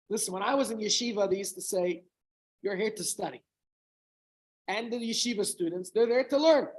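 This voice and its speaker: This high-voiced man is a middle-aged rabbi speaking informally to a few people, captured on a poor recording. His story wanders into friendly side remarks and questions aimed at the group.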